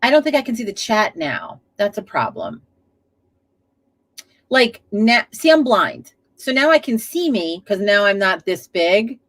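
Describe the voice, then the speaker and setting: A woman's voice: mid-range voice, sing-song, unhurried. A woman hosting a casual live stream from home, chatty, laughing often and swearing freely. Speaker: livestream host. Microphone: webcam setup at a desk.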